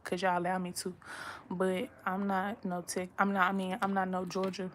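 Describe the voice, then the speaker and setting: A woman's voice: on the low side, completely flat delivery, moderate pace, a little hiss or hum. A young woman from Texas, chatting to camera at home in a blunt, profane, rambling way. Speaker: vlogger. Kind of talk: casual chat to camera. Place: her room at home.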